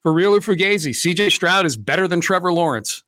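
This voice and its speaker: A man's voice: high-pitched, expressive, a little fast, fairly bright tone, dry recording. A man hosting a sports talk show, talking casually with lots of fillers and restarts. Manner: conversational, many fillers and restarts. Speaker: sports radio host.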